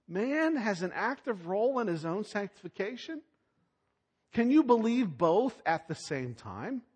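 Male preacher, fairly high voice, very lively pitch, dramatic loud-to-hushed delivery, church hall echo. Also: a little slow, slightly rough. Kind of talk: sermon. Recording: long hall reverb.

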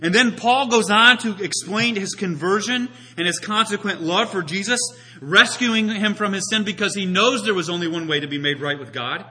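Male pastor, high husky voice, animated sermon delivery. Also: moderate pace, few pauses. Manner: animated, acts out quoted voices.

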